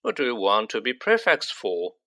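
A man's voice: fairly low pitch, wildly swooping pitch, moderate pace, pushed and bright, exaggerated voice. A man voicing a mischievous, playful teenage twin boy in a storybook reading. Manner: playful, mock-posh.

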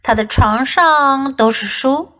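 A woman with a high, light voice reads a children's story at an unhurried pace, each line repeated in a second language. Her first language is Chinese, and she speaks like a teacher to small children, clear and sing-song. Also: bright, forceful tone. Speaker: English teacher. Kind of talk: bilingual children's story reading.

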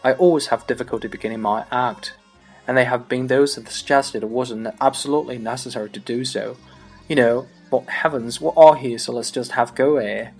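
Husky male reader, Chinese native speaker. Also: mid-range voice, fairly even intonation, fairly quick, faint music behind. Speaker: English learner practicing accents. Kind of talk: reading a comic monologue aloud.

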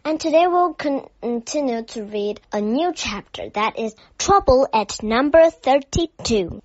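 A woman's voice: high-pitched, expressive, unhurried. A woman reading a children's novel aloud to her listeners, stumbling and restarting words and chatting with them between passages. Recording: dull lo-fi recording with faint music.

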